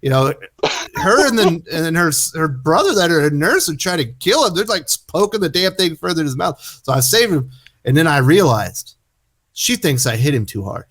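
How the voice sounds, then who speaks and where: A middle-aged man telling a story in casual chat, animated, acting out his own quotes loudly. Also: fairly high pitch, normal speed. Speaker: guest.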